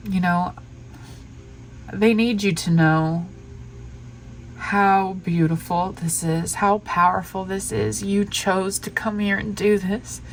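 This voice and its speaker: A woman's voice: medium pitch, slight background noise. A woman tarot reader giving an emotional spiritual reading to camera, tearful and gushing with heartfelt affirmations.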